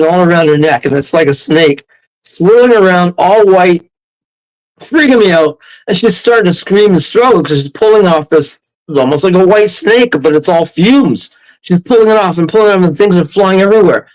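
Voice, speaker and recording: A man telling a ghost story as a podcast guest, animated, laughing often and acting out quotes. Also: high voice, rough recording. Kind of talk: casual storytelling.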